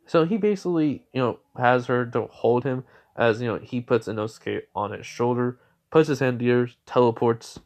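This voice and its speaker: A man's voice: mid-range voice, moderate pace, a little mellow. A man casually retelling a made-up fan story, rambling with lots of filler. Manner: rambling, heavy with fillers and restarts.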